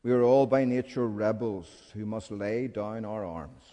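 A man preaching a sermon with passion, moving from hushed pleading to loud, urgent calls. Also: lowish voice, fairly even intonation, measured pace. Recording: long hall reverb.

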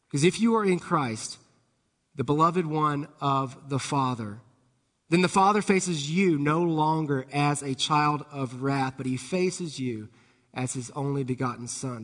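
A man pastor preaching an evening sermon in a church, rising louder and higher on key words and sinking soft and low on others. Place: church sanctuary. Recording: long hall reverb.

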